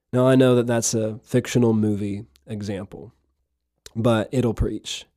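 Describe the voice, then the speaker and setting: Male podcast host, mellow tone, rambling casual talk, dry close sound. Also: fairly low pitch, steady tone, a little slow, dry recording. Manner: rambling, repeats words and restarts. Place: lives in Missouri.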